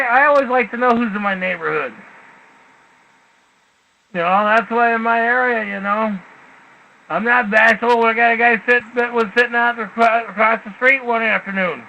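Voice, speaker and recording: A man's voice: extremely high pitch, dull audio. A man hosting a casual radio talk show, blunt and rambling, with profanity.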